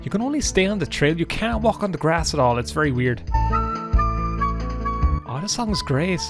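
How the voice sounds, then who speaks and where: A man's voice: high-pitched, a little slow. A man in his twenties with an Irish accent, giving sarcastic, profane let's-play commentary over game music. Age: 20s. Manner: sarcastic, profane, deadpan jokes. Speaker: gaming YouTuber.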